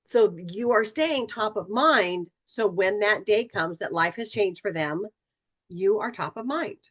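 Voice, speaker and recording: A woman's voice: medium pitch, lively intonation, a little slow, fairly bright tone. Casting: middle-aged woman, real estate trainer, chatty and direct, mid-range voice. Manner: conversational, acts out client dialogue. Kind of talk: training session talk.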